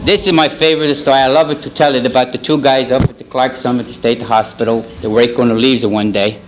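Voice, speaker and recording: A man's voice: mid-range voice, a little fast, background noise, close to an everyday voice. A man playing a sly middle-aged Italian parish priest with a put-on Italian accent and broken English, telling jokes at a banquet. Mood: deadpan. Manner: deadpan, rambling joke delivery, broken English. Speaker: banquet humorist. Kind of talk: stand-up roast at a banquet. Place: banquet hall.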